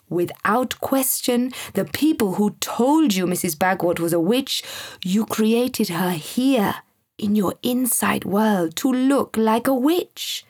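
A woman reading the lines of a kind, wise male guide, speaking in a soft, gentle voice. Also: medium pitch, slightly rough, dry recording, studio quality.

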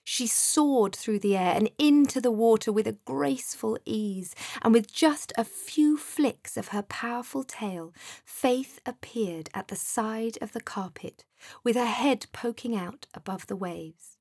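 A woman reading a children's story aloud in a slow, soothing way. Her voice sits on the higher side and is breathy, and the recording is dry and close. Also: a little mellow, dry recording. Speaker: narrator. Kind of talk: storybook narration.

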